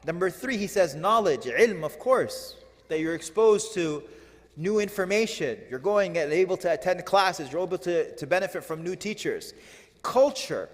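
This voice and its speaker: A man giving a religious lecture on classical poetry, animated and firing rhetorical questions at his audience. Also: sits high, normal speed, in a large hall. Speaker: religious teacher.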